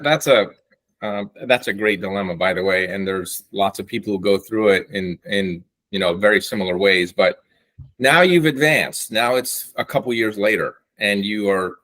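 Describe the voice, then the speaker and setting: A man's voice: fairly low pitch, fairly bright tone, no echo. A man hosting a podcast, coaching a guest in an encouraging way. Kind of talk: casual podcast conversation.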